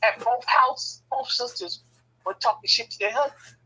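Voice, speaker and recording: A man's voice: very high voice, moderate pace, pushed and bright, poor audio. A man casually telling stories about his family, swearing freely and acting out the voices of the people in them. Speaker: storyteller. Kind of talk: casual storytelling.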